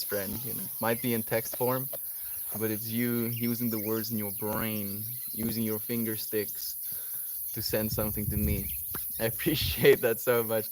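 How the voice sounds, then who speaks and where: A man's voice: mid-range voice, a little hiss or hum. A man hosting a casual livestream, talking in a laid-back, rambling way and chuckling often. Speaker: livestream host.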